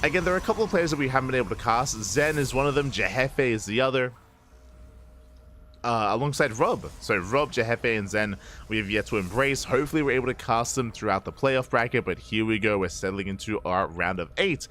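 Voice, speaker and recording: A man casting a live strategy game match as host, upbeat and playful, with quick self-corrections and jokey asides. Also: medium pitch, a bit bright, a little hiss or hum. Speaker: esports caster.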